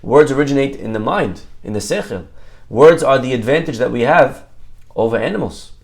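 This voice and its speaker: A man's voice: mid-range voice, expressive, normal speed. Rabbi quizzing his Torah class. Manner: quizzes listeners and repeats key words, sprinkled with Hebrew terms. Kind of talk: lively Torah lesson to a live group.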